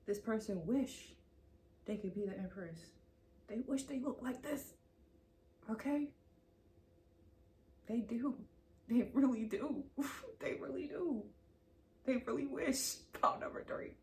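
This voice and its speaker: A woman's voice: medium pitch, darkish tone, a little hiss or hum. A woman giving a casual tarot card reading, chatty and playful, teasing her viewers and then insisting she is serious. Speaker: tarot reader.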